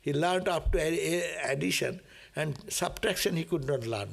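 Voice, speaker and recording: Here a monk reads scripture and offers chatty commentary at a moderate pace, his voice a little high and gravelly. Laughter comes often, as do questioning "no?"s and acted-out prayers.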